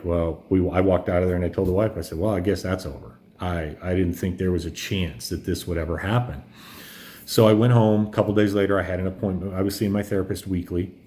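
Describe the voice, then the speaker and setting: Low, mellow-voiced man telling his story. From Indiana, US. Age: 40s. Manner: open, rambling, frequent fillers and restarts. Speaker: truck driver vlogger. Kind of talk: candid personal storytelling.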